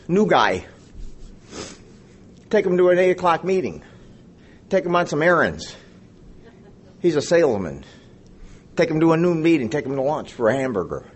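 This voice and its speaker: A man in his fifties with a high, slightly rough voice tells his personal story to the audience at a recovery meeting. He's a rambling storyteller who trades jokes with the crowd.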